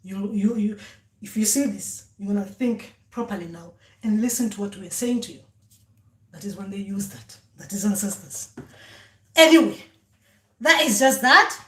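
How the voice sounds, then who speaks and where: A woman's voice: mid-range voice, animated, normal speed, fairly bright tone, echoey room. A woman giving a casual spiritual talk about dreams, often repeating words and voicing what her ancestors say. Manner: repetitive, voices ancestors speaking.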